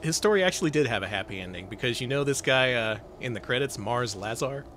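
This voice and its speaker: A man chats casually while playing through a game, cracking jokes and swearing as he goes. His voice sits at an average pitch. The recording carries clear background noise. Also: lively intonation, fast talker, fairly bright tone. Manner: joking, profane, laughs often. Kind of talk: casual gameplay chat.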